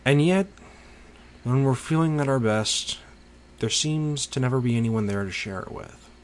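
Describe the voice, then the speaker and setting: A man delivering a slow, pensive spoken monologue with long pauses. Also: mid-range voice, expressive, slight background noise.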